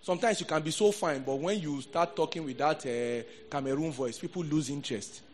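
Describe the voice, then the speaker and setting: A Nigerian man preaching a sermon as a pastor, talking in a lively, conversational way with Pidgin asides. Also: a little high, brisk, a little hiss or hum.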